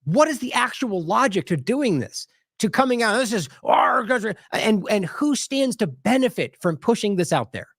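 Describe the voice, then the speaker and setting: A man hosts a commentary show in a raised, lively voice, picking apart clips with skeptical asides and frequent restarts. His delivery swings up and down as he mocks what he quotes. The sound is dry and close. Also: high-pitched, moderate pace, dry recording. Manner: animated, skeptical, many restarts and mocking quotes. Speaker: host of an independent news commentary show. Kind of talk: casual commentary on video clips.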